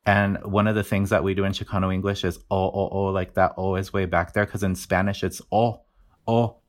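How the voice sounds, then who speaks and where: A man's voice: low voice, monotone, fast talker. A man from the Mountain West explaining his research in a casual interview, with many fillers and restarts. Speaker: linguistics researcher guest.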